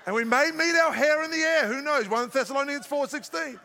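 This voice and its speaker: An older Australian man preaching to his congregation, his voice high and forceful. He slips playful, self-deprecating jokes in between scripture points, and a long hall reverb trails each line. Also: brisk, vocal fry. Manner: joking, self-mocking asides. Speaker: pastor. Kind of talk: sermon. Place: large church auditorium.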